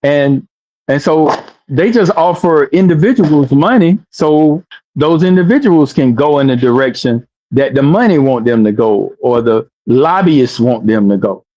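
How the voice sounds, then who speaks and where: A man in casual talk, speaking slowly and deliberately with fillers. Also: on the high side, expressive, dark tone. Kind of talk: casual talk about media. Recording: dull lo-fi sound.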